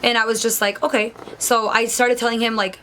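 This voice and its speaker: A woman's voice: on the high side, flat delivery, a little fast, sharp tone, slight background noise. Chatty young woman telling a storytime. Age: young adult. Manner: chatty, many likes, acts out quotes. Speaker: vlogger. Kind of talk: storytime vlog.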